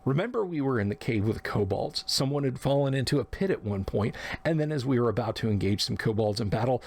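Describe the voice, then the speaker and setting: A man's voice: mid-range voice, animated, quick pace, darkish tone, breathy edge. Male narrator, memoir storytelling, reflective, acts out quotes. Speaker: podcast narrator.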